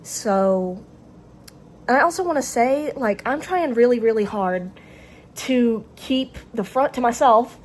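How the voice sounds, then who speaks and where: A vlogger with a Southern US accent records herself on camera, speaking straight to it in a casual, rambling monologue full of hesitations, restarts, and fillers. Her fairly high, darkish voice is lively and unhurried, with a little hiss or hum on the recording.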